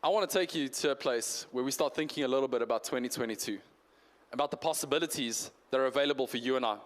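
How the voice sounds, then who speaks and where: A man's voice: mid-range voice, fast talker, in a large hall. A man preaching a conversational New Year's Eve sermon, asking his congregation questions. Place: church hall.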